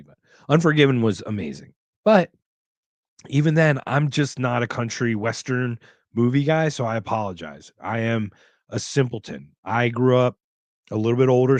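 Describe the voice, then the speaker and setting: A podcast host with a fairly low voice runs a casual livestream, reading chat questions aloud and rambling between jokes, restarts and movie impressions. There's no room sound on the recording.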